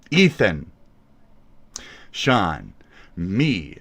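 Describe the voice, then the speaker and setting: A man hosting a livestream, ranting with lots of cursing, swinging between yelling and muttering. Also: on the low side, lively intonation, moderate pace. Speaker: livestream host.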